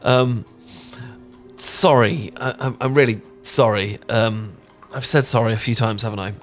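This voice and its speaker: A man's voice: medium pitch, steady tone, unhurried, faint music behind. Stammering apologetic British man. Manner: laughs often. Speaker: ASMR roleplay performer. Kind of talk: audio role-play.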